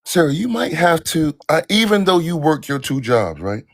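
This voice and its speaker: A man appearing as a guest on a live stream, giving advice in an animated, preachy way. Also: on the high side, normal speed. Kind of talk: casual live stream chat.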